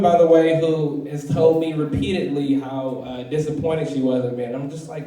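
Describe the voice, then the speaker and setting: A man's voice: a little high, fairly even intonation, normal speed, hardly any pauses, dark tone, recorded from a distance. A young man from Washington, D.C. doing his first stand-up set, rambling and profane, with lots of fillers and restarts. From Southeast Washington, D.C. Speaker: first-time stand-up comedian. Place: comedy club stage, open mic. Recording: very echoey room, voice from afar.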